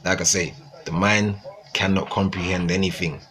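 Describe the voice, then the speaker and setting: A man's voice: sits low, steady tone, normal speed, bright, forceful tone. A young man ranting casually to viewers on a livestream, swearing often and repeating himself. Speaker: livestream host.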